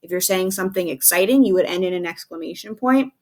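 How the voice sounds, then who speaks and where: A woman, a second grade teacher, giving a recorded phonics lesson to young children in a patient, encouraging way with clear, careful speech. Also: on the low side, fast, darkish tone.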